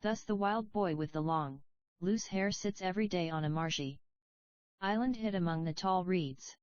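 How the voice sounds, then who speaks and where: A woman narrating a children's legend in a calm, measured storybook reading, recorded with a dull lo-fi sound. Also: lowish voice, no echo. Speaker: audiobook narrator.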